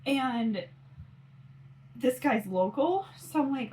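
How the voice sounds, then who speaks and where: A woman's voice: a little high, measured pace, pauses often, a little hiss or hum, low-quality recording. A woman in her forties chatting casually on her phone camera while doing her makeup, rambling with lots of fillers. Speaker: mom vlogger.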